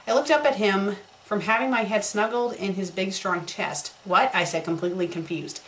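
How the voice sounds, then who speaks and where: A woman who critiques fanfiction gives a comedic dramatic reading of a poorly written fan story, stopping to toss in sarcastic, mocking asides. Her mid-range voice is slightly bright and moves at a moderate pace, and the rough recording has a little background noise.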